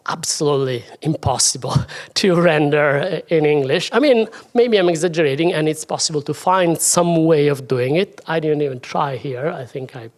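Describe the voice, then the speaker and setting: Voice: mid-range voice, normal speed. Lecturer thinking aloud. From Italy. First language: Italian. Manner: thinking aloud, self-deprecating asides. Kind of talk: academic talk.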